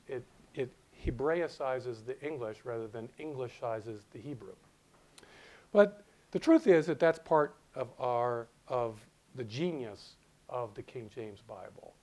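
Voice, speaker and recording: A middle-aged man giving a conversational university lecture, often restarting his phrases and reading quotations aloud slowly. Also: medium pitch, poor audio.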